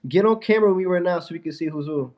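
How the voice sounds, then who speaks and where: A man's voice: high voice, racing, darkish tone, lo-fi sound. A young man on a casual livestream with a stuffy nose from a fever, mocking and trash-talking a viewer in his chat.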